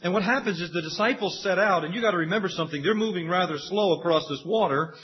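A man preaching a sermon, telling Bible stories with lively acted-out quotes. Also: high voice, fast talker. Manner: animated storytelling preacher, acts out quoted voices. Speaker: pastor. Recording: dull lo-fi sound.

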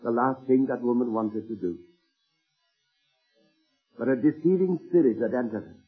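A man preaching a sermon, earnestly retelling anecdotes and slowing down to stress key words. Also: mid-range voice, lively intonation, slightly rough, soft background music. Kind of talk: sermon storytelling. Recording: tinny phone-like old sermon tape.

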